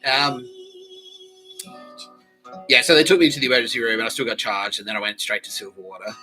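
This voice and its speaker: A man's voice: mid-range voice, a little fast, bright, forceful tone, faint music behind, low-quality recording. A man with an Australian accent, hosting a podcast and telling a rambling, profane comic story with frequent laughter. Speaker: podcast host. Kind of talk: rambling comedic monologue.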